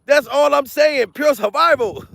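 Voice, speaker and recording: A man doing a loud, profane comedic commentary vlog, repeating himself and laughing between rants. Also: very high-pitched, measured pace, gravelly, no echo. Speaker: comedian vlogger. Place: outdoors.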